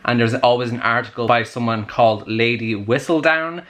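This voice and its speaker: A young man chatting excitedly in a casual book vlog, with plenty of "like" fillers. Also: mid-range voice, moderate pace. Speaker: book vlogger. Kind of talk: casual chat.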